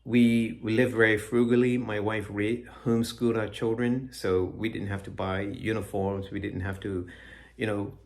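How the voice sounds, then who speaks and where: A middle-aged man giving a personal religious testimony, earnest and halting, with frequent restarts. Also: on the low side, steady tone, darkish tone. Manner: reads scripture aloud. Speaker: Christian speaker giving his testimony. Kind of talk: personal testimony, reflective talk.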